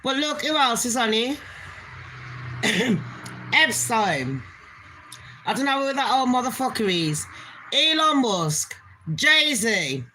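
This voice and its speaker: A woman's voice: fairly high pitch, very animated, slow, long pauses, pushed and bright, slight background noise. A woman hosting her own channel, ranting bluntly in casual commentary and swearing heavily with open scorn. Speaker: channel host.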